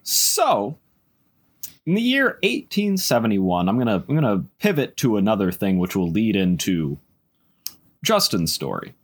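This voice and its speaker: Wildly animated man telling a story. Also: on the low side, measured pace. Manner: animated, sarcastic asides, swings between storytelling and banter. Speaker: podcast host telling a history story. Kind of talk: casual storytelling chat.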